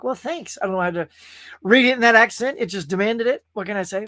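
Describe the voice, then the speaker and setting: A man's voice: very high voice, fast, sharp tone, dry recording. A man from California, host of a casual live-stream show, talking in a rambling, chatty way and reading viewers' comments aloud. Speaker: podcast host.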